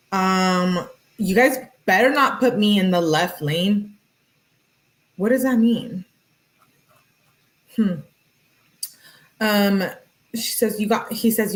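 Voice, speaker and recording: Chatty woman reading texts aloud. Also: medium pitch. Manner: chatty, musing asides to viewers. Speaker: true-crime YouTuber. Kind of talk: casual commentary, reading text messages aloud.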